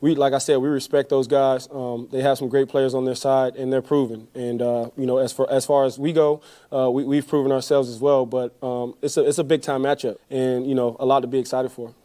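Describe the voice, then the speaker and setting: A man, a pro football player, answering press questions calmly with lots of fillers. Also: mid-range voice. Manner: measured, filler-heavy, many "you know"s.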